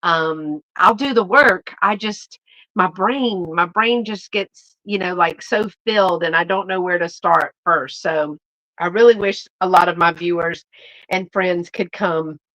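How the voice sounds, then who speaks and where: On a vintage resale live stream, a YouTube host chats with her y'all audience, bubbly and casual, restarting sentences and dropping in plenty of fillers. Her voice sits on the low side, a bit bright, at a measured pace, over poor audio.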